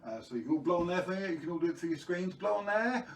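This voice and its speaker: A man's voice: high-pitched, lively intonation, rapid-fire, echoey room, recorded from a distance, slight background noise, poor audio. Playful man telling a kids' story. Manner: playful, jokey, quizzes the viewers. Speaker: children's storyteller. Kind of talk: live-streamed story time for kids.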